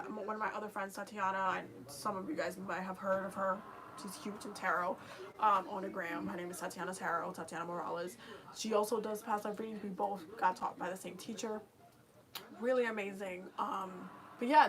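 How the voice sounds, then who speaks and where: A young woman with a New York accent, hosting a livestream and chatting casually with viewers, rambling with lots of fillers. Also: mid-range voice. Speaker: livestream host.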